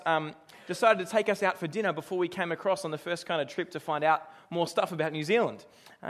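A man's voice: high-pitched, a bit bright. A middle-aged man preaching a sermon in a conversational, storytelling way, asking his congregation questions as he goes. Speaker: pastor.

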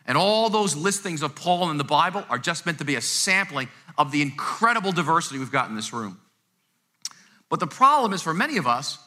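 A man's voice: fairly high pitch, pushed and bright. A male pastor preaching a conversational sermon to his congregation in a church sanctuary, emphatic and prone to repeating words as he presses a point. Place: church sanctuary, live service.

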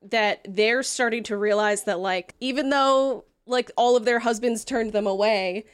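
A woman's voice: a little high, unhurried, clear, resonant tone. A woman running a tabletop game as game master, narrating in a casual, swearing, giggly way.

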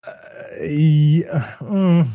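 A man co-hosting a casual gaming podcast, joking and telling animated stories. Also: on the high side, very slow, no room sound, lo-fi sound. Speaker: podcast co-host.

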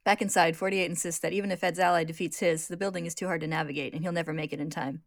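A woman narrating a story recap in a lively, casual way, acting out the characters. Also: on the low side, gravelly, no echo, clean studio sound. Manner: lively, brisk narration with acted voices.

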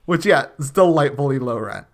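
A man co-hosting a podcast, talking through an episode in a loose, rambling way. He stops and restarts often and leans on filler words. His voice sits at an average pitch for a man. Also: animated, a little fast. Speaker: podcast co-host. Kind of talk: casual chat.

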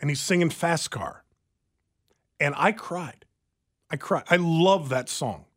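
A man co-hosts a radio talk show with a slightly high voice. He tells stories in an easy, chatty manner and gets animated as he recounts them. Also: slow pace. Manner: chatty storyteller, animated retelling. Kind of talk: casual chat.

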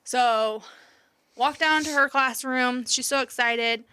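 A woman's voice: high voice, takes it slowly, pushed and bright, clear, resonant tone. A woman in her thirties, a mother, candidly telling a story in casual chat, swearing now and then and laughing along the way.

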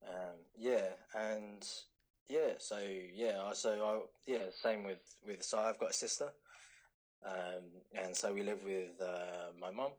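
Easygoing lower-voiced British man. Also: steady tone, slow, a little mellow, poor audio. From London, England. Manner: easygoing, hesitant, many fillers. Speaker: podcast guest. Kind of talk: casual podcast chat.

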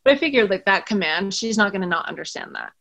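A woman's voice: mid-range voice, animated, quick pace, gravelly, fairly bright tone, highs cut off. A young woman vividly recounting a tense personal story in conversation, often saying "like". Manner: vivid, tense retelling, frequent "like". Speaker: guest recounting an attack.

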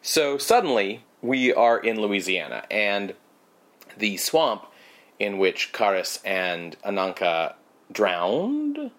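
A man with a somewhat low voice co-hosts a casual podcast. He recaps a film plot in a rambling way, full of fillers and sarcastic asides. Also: huge pitch swings, takes it slowly, fairly bright tone. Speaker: podcast co-host. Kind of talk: casual movie recap chat.

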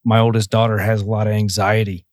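A man's voice: lowish voice, little pitch movement, fast, no room sound, clean studio sound. A man co-hosting a podcast, talking earnestly and reflectively about parenting, with some self-deprecation. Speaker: podcast co-host. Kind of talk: casual podcast chat.

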